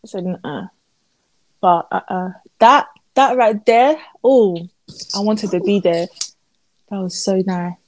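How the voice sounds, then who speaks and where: A young woman co-hosting a podcast, gushing and expressive in casual chat. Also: mid-range voice, unhurried, no echo, low-quality recording. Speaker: podcast co-host.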